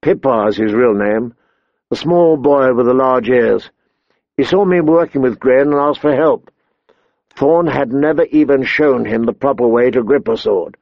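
A man voicing an earnest young man on guard duty, plain and steady, in a dull, dry lo-fi recording. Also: mid-range voice, unhurried, vocal fry, dry recording.

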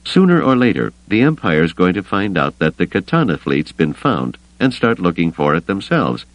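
A man's voice: deep voice, big pitch swings, moderate pace, no echo, low-quality recording. A man voicing a stubborn, worried smuggler pilot in an audiobook, blunt and brooding. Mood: earnest.

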